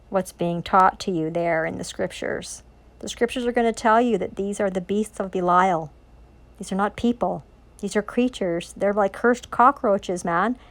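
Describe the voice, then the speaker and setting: A woman of ordinary pitch preaches at length about scripture in an intense, rambling monologue. She swears freely and drives her points home with rhetorical questions. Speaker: self-styled religious preacher.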